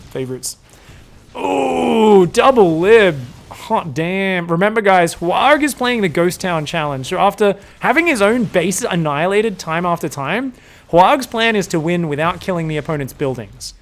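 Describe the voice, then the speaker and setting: Brief: young man, game caster, slightly high voice, excitable and jokey, laughs a lot and slips into playful mock voices. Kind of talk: excitable esports commentary.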